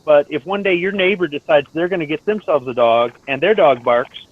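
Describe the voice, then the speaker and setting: Man, fairly high voice, calm and reasoning, tinny phone-like sound, dry. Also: brisk. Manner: calm, reasoning, advice-giving tone. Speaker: stream host. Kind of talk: casual chat.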